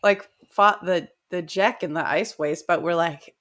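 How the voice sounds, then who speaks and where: A woman's voice: on the low side, unhurried, fairly bright tone. Playful woman co-hosting a book chat. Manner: playful, acts out characters' lines in jokey voices. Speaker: podcast co-host. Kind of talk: casual book discussion.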